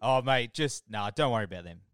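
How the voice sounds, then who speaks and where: An Australian man hosts a radio chat, friendly and joking, with "mate" in nearly every turn. His voice is smooth and resonant. The sound is dry and close. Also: medium pitch, animated, brisk, a bit bright, no room sound. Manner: friendly and jokey, says "mate" often, laughs a lot. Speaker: radio host. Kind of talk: casual radio interview.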